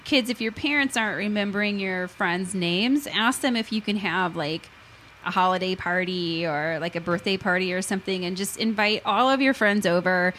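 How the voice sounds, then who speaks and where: A woman's voice: mid-range voice, moderate pace, fairly bright tone, slight background noise. A woman chatting as a panelist, giving practical advice emphatically. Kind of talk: casual chat.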